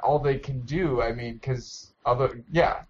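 A man's voice: mid-range voice, steady tone, unhurried, slightly rough. A man hosting a casual podcast, easygoing and full of questions. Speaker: podcast host. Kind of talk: casual chat. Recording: dull lo-fi microphone.

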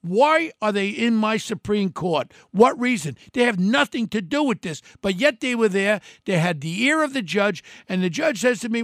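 A man's voice: sits high, big pitch swings, moderate pace, few pauses, a bit bright, dry recording, clean studio sound. An older man tells a story in a blunt, combative way and quotes people in changing voices. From New York City. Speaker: former mayoral candidate telling a story. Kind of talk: animated storytelling monologue.

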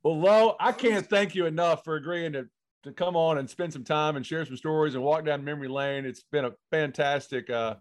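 A man hosting a podcast, telling stories in a relaxed, chatty way. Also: fairly high pitch, a little fast. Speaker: podcast host. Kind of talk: casual interview chat.

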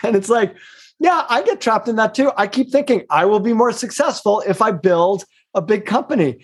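A middle-aged man with a fairly high voice, talking as a guest coach in a relaxed interview. He is emphatic and expressive, rushing through some phrases and stretching out others for emphasis. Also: breathy edge. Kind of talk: casual interview conversation.

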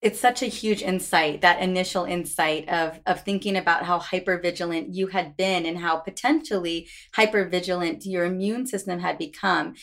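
A woman's voice: on the low side, fairly even intonation, normal speed, hardly any pauses, fairly bright tone. Attentive woman interviewer. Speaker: interviewer, host. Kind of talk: interview questions.

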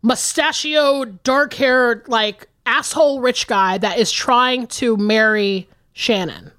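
High-voiced woman podcast co-host. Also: slow pace, dry recording. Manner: profane, animated storytelling. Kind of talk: casual chat.

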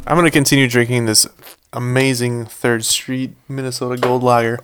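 A man's voice: mid-range voice, level tone, moderate pace, very noisy. A man co-hosting a casual drinking podcast, reading a news story aloud and dropping dry comments between lines.

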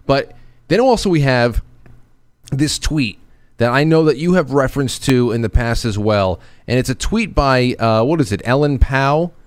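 A male show host in casual political talk, halting and questioning, often restarting his sentences. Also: mid-range voice, animated, clear, resonant tone, no room sound, clean studio sound.

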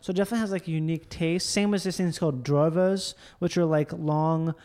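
A man in casual chat, telling stories in a lively, profane, animated way. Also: on the high side, fast.

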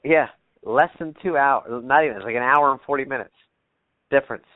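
A man's voice: medium pitch, a little fast, no room sound. A man telling a story as a podcast guest, rambling, with many fillers and casual swearing. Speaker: podcast guest, bow hunter. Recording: tinny phone-like remote line.

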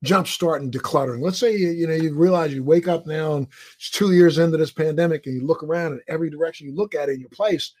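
A man's voice: fairly high pitch, quick pace, darkish tone. A man hosting an interview, asking questions and musing in a casual chat. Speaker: talk show host.

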